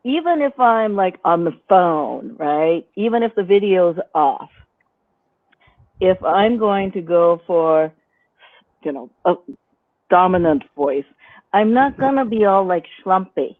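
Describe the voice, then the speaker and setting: A woman's voice: fairly low pitch, expressive, slow pace. A woman teaching on a live stream, explaining her points by demonstrating them with her own voice. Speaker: guest instructor. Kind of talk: instructional live-stream chat. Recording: dry, phone-like line.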